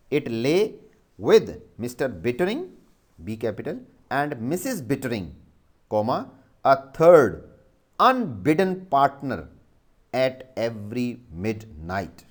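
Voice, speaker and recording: Slow Pakistani teacher spelling out words. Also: male voice, medium pitch, sing-song. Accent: Pakistani English. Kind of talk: dictating a vocabulary exercise.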